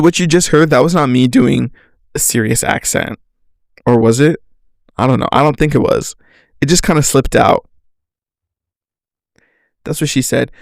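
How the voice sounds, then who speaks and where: A man talks through his solo podcast in a loose, rambling way, joking at his own expense and filling his talk with "like." His voice has a gravelly, fried edge, and the recording is close and dry. His pitch sits in a middle range. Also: dry recording. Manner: rambling, joking, self-mocking, full of "like". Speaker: podcast host. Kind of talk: casual solo podcast chat.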